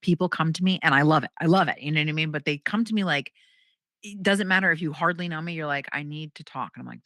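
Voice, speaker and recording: A young adult woman, a comedian guest, telling a story in casual chat and acting out quotes with big jumps in pitch. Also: a bit bright, no room sound, studio quality.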